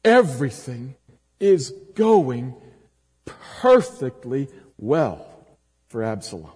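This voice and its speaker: Male pastor, dramatic sermon delivery, husky mellow voice, church with long reverb. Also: big pitch swings, takes it slowly. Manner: dramatic preaching with sharp swings from loud emphasis to low, quiet lines.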